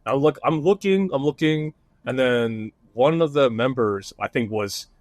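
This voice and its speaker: A man's voice: medium pitch, a little slow, no room sound. A man, a podcast guest and online creator, telling a story in casual chat and acting out the quotes. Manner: animated storytelling with voiced quotes.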